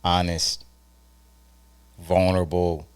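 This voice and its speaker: A married man co-hosting a casual podcast, giving animated, earnest relationship advice with frequent restarts. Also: low-pitched, slow pace, smooth, dry recording. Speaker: podcast co-host. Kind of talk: casual chat.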